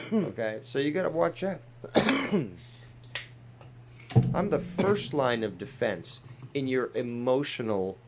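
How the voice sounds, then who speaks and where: Sarcastic guy cussing his way through clip reactions, mid pitch voice, faint hum behind. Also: lively intonation, takes it slowly, long pauses. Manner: blunt, sarcastic, profane. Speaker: commentary host. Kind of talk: casual commentary reacting to clips.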